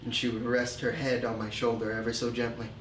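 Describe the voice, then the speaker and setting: An actor playing a remorseful man confessing his drinking and insecurity, telling it slowly and haltingly in a film monologue. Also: medium pitch, completely flat delivery, a bit bright, slight background noise, lightly acted. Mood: reflective. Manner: slow, halting, reflective storytelling. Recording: roomy echo.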